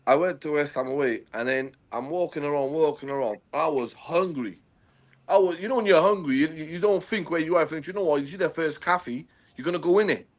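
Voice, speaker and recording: Slangy man with a higher voice. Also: brisk. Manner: slangy, repeats words, chuckles mid-story. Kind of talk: casual storytelling.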